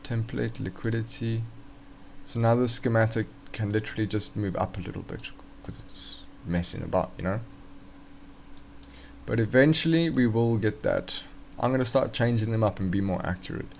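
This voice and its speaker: A man's voice: on the low side, normal speed, creaky, a little hiss or hum. A man casually walking through forex charts on a live stream, thinking aloud with fillers and restarts.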